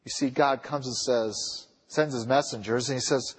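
A man preaching a sermon in a church, with a husky voice, pressing his listeners with repeated rhetorical questions. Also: medium pitch, steady tone, normal speed. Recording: long reverb of a large hall.

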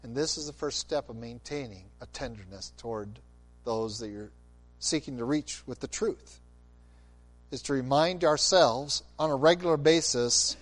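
A man preaching a sermon, expressive, moving between loud emphasis and quiet intensity. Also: medium pitch, normal speed. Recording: long hall reverb.

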